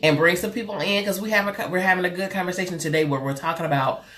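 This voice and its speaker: Talking very fast, a therapist and live show host streams from her webcam and chats with her viewers. She's loud, lively and talky, with a somewhat low voice that leaps around in pitch, and she addresses people as girl and honey.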